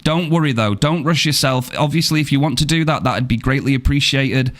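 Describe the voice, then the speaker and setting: A man's voice: medium pitch, brisk. A man chatting casually with his viewers on a live game stream, upbeat and thankful as he answers the chat.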